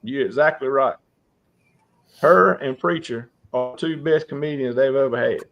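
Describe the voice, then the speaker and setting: Gravelly man agreeing easily. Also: medium pitch, muffled recording. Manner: easygoing, quick to agree. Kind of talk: casual chat.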